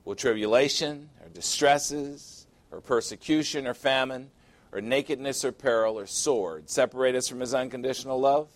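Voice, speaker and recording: A man preaching in an emphatic, deliberate way, stretching key words and stacking repeated phrases. His voice sits in a middle range. The sound is dry and close, with no room echo. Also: mid-range voice. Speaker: pastor. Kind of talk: sermon.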